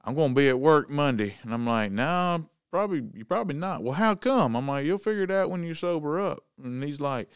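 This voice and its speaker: Animated man telling a story. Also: fairly high pitch, a little fast, hardly any pauses, clean tone, no room sound, clean studio sound. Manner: animated, acts out the quotes. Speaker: show host telling a story. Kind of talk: casual storytelling chat.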